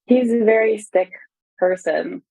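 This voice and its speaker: A woman guest in a conversational interview, candidly retelling events with many fillers and animated quotes. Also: medium pitch, unhurried, creaky, no echo, poor audio.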